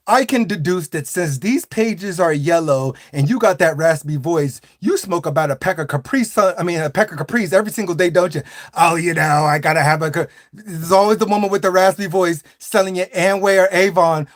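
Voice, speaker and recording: A man on a live stream, joking and ranting straight to his chat in an animated, playful way. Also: sits high. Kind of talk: comic stream rant.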